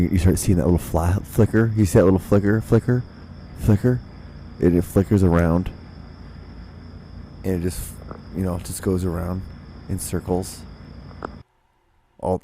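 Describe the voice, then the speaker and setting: A man's voice: deep voice, mellow, a little hiss or hum. A man hosting his own solo podcast, rambling casually with many restarts and the odd curse word. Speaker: podcast host.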